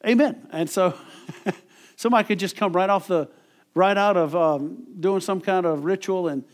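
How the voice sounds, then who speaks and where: A man's voice: high voice, moderate pace. A middle-aged man preaching a conversational sermon, often repeating words and chuckling as he talks.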